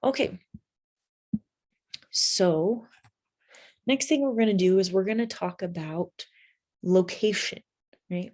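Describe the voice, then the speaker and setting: A woman's voice: mid-range voice, expressive, slow, long pauses, darkish tone. A woman teaching an English vocabulary lesson, patiently spelling words out letter by letter and checking in with "right?".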